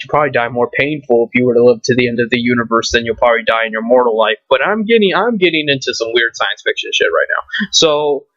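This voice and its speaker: A man's voice: medium pitch, fairly bright tone, no echo. Ranting, swearing man, lo-fi sound. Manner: swearing, ranting, rhetorical questions. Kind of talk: profane rant to camera. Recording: dull lo-fi recording.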